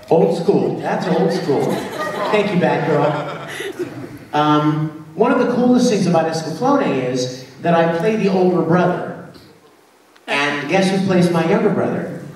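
On a convention panel in a large hall, a man with a slightly high voice tells lively stories to fans and laughs often. The recording is distant and echoey, with faint crowd noise.

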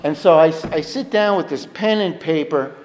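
A man's voice: fairly high pitch, normal speed, a little mellow. A man speaking frankly and with wry humor at a recovery meeting. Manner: frank, confessional, wryly humorous. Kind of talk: personal recovery talk. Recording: reverberant hall.

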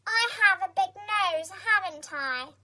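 A woman putting on a high, slow, sing-song voice for a fretful character asking question tags. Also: expressive, pushed and bright, full character voice.

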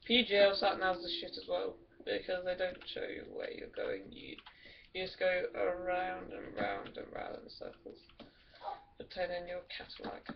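A woman's voice: lowish voice, normal speed, gravelly, background noise. A woman rambling crudely and giggling through game commentary. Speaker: gamer. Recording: distant dull mic with music.

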